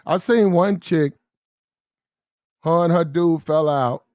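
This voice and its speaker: A man's voice: on the high side, no room sound, clean studio sound. A man in a casual monologue, rambling and repetitive in slangy street talk, often acting out heated arguments. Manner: quick shifts into acted-out shouting arguments.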